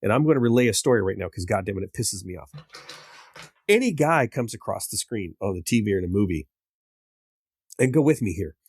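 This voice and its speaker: A man's voice: lowish voice, very animated, a little fast, pauses often, husky, dry recording, studio quality. A man co-hosting a podcast in casual chat, swearing and ranting with mock indignation. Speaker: podcast co-host.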